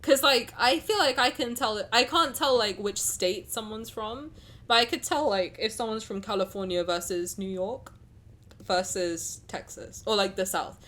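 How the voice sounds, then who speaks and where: A woman's voice: on the high side, moderate pace. A young woman with a South London accent, chatting casually on a live stream and reading a game story aloud. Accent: South London English. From England. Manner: chatty, animated, giggly.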